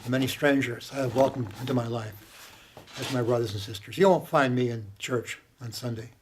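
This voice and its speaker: A man talking casually to camera at home, impassioned and profane, swinging from loud bursts to hushed whispers. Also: mid-range voice, a little fast, slight background noise. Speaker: monologuing about strangers and religion. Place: home with maps on the wall. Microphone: handheld camera.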